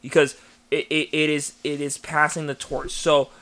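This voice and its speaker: A man co-hosting a casual fan podcast, excitable and quick to laugh, often restarting his sentences. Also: a little high. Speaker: podcast co-host. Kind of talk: casual chat.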